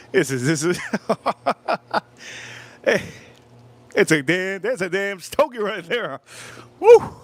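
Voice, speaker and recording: A man's voice: sits high, lively intonation, measured pace, long pauses, a bit bright. A man hosting a casual livestream review of cigars and whiskey, enthusiastic, laughing often and repeating his words.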